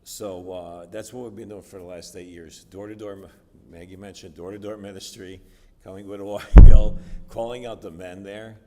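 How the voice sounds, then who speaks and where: A middle-aged American man tells his story from a church pulpit, his voice low and warm. He speaks casually, with plenty of ums and restarts. The sanctuary adds a long, ringing reverb, and faint room noise sits underneath. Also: fairly even intonation, normal speed. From United States. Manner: storytelling, conversational with fillers. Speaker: guest speaker. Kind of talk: personal testimony sermon. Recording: distant reverberant church hall.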